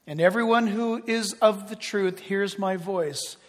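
A man preaching a sermon, dramatic, swinging from loud declarations to hushed, near-whispered lines. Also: high voice, unhurried. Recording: long reverb of a large hall.

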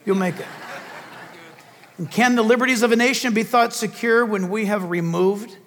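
A man's voice: high voice, normal speed, a bit bright, slight background noise. A man preaching a fervent political sermon, emphatic and full of rhetorical questions, in a large hall or church.

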